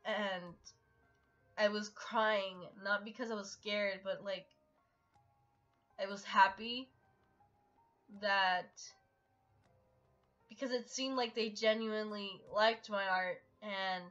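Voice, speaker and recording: A young adult woman telling a personal story in a casual storytime vlog, halting and full of fillers. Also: mid-range voice, steady tone, fairly bright tone. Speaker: art vlogger. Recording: dull lo-fi audio with faint music.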